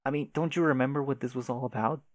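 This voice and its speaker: A man reading aloud and voicing a patient companion who speaks to a grieving girl in a gentle, hushed, coaxing way. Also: mid-range voice, steady tone, fast talker, no echo, close to an everyday voice.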